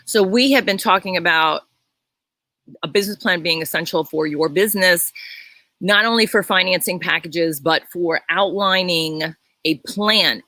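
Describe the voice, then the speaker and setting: A middle-aged woman co-hosting a casual business chat, explaining in a measured way, recorded outdoors on her home deck. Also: lowish voice, bright, forceful tone, no room sound. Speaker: co-host.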